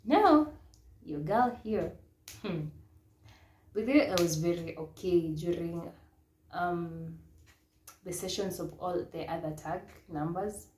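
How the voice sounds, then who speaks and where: Kenyan woman, pageant coach, lowish mellow voice, lively storytelling, echoey room, faint hiss. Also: takes it slowly, long pauses. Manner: animated, laughs often, mixes in Swahili. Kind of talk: casual storytelling vlog.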